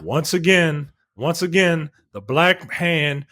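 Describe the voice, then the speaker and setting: Lively man retelling a movie, doing voices. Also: a little high, slow pace, no room sound, clean studio sound. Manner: animated retelling, acting out characters in quotes; profane, joking. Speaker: podcast co-host. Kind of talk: casual movie review chat.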